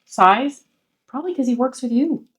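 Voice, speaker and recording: A woman's voice: high-pitched, lively intonation, normal speed. Chatty woman hosting a cooking vlog. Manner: chatty and playful, laughs often. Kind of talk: casual chat. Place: home kitchen.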